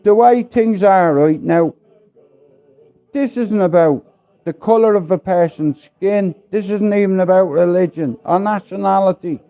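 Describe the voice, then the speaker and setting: Speaking a little slowly in a high voice, this Irish livestream host goes on a rambling rant full of blunt profanity. The stream audio is dull and lo-fi.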